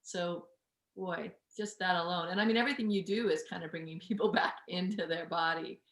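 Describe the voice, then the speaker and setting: A woman's voice: on the low side, fairly quick, a bit bright, reverberant. A woman hosting a podcast, talking in a casual, affirming and enthusiastic way. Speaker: podcast host. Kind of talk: casual conversation.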